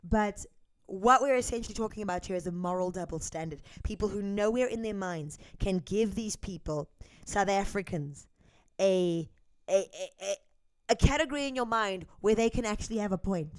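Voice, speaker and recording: A woman's voice: medium pitch, normal speed. Emphatic woman host arguing her case. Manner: emphatic, argumentative, repeats points. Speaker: host of a reaction video channel. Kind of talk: opinionated commentary.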